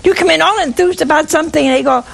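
A woman's voice: high-pitched, very fast, creaky, low-quality recording. A woman giving a sermon, telling stories with humor and asking her listeners rhetorical questions. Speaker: preacher.

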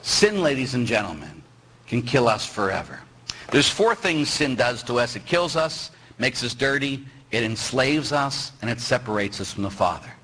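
Animated husky-voiced male preacher. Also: mid-range voice, normal speed, rough recording. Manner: animated, teasing, acts out quoted voices. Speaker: Catholic priest. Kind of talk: lively sermon.

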